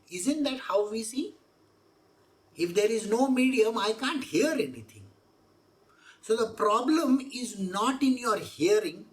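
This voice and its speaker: Lively woman teaching scripture. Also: on the high side, unhurried, pauses often. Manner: explanatory, repeats points with rhetorical questions. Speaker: spiritual teacher. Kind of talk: scripture exposition talk.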